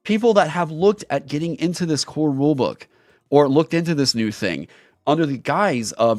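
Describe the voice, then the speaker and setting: A man's voice: on the high side, lively intonation, normal speed, a little mellow, no echo, studio quality. A man on his own channel delivering an angry commentary rant, heated, profane and emphatic. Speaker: YouTuber and streamer.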